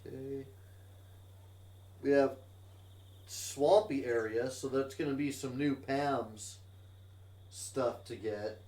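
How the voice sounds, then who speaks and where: A man's voice: medium pitch, slow pace, long pauses, a little mellow. A man streaming a modded block game in virtual reality, talking casually to himself about his plans and humming tunelessly while he works. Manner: chatty, hums tunelessly to himself while working. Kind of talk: casual let's-play commentary. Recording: roomy, distant mic with clear noise.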